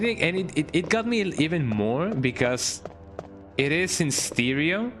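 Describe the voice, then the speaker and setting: A man streaming a game and chatting as he plays, in a casual, rambling way, with a pitch that swings up and down. He keeps stopping to restart a sentence and ends many of them with a questioning "eh?", while soft music plays in the background. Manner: rambling, frequent "eh?" tag and restarts. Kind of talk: casual gameplay commentary.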